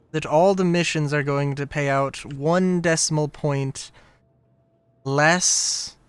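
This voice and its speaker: A man's voice: fairly high pitch, steady tone, slow, smooth, no room sound. Laid-back young man streaming a game. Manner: rambling, laughs often, self-interrupting. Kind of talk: casual live gameplay commentary.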